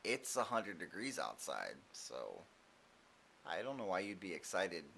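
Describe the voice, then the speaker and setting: A man's voice: deep voice, a little slow, creaky, a little hiss or hum. Young guy vlogging, chatty, does little voices for people in his stories. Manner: chatty, animated quoting of others. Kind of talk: casual storytelling vlog.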